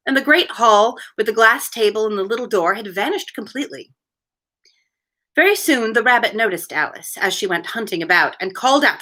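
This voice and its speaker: A woman hosting a relaxed read-aloud, mixing narration with chatty commentary. Her voice is bright and crisp. Her pitch moves a lot, giving an animated lilt. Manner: chatty, laughs at her own asides. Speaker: host reading aloud.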